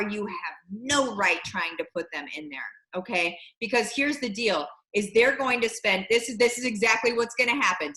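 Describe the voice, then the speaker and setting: A woman hosting a casual chat, talking in an animated, emphatic way with lots of fillers. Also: medium pitch, roomy sound, rough recording. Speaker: host.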